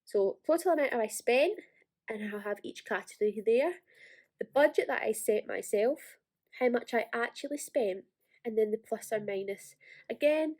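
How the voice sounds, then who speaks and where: Young Ayrshire Scottish woman, slightly high voice, quick chatty vlogger delivery. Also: expressive, darkish tone. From Scotland. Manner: fast, chatty, self-deprecating. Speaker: planner vlogger. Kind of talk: casual tutorial walkthrough.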